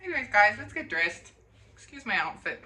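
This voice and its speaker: A woman in her twenties from South Africa, rambling excitedly in a casual vlog. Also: mid-range voice, a little fast. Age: 20s. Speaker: vlogger. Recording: noisy background.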